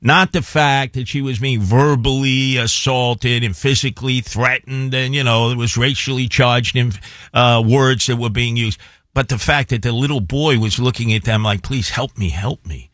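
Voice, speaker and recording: A man tells a story on a talk show, rambling and emphatic and full of asides. His voice sits at a middle pitch and sounds dry and close to the mic. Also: steady tone, moderate pace, a bit bright, no echo.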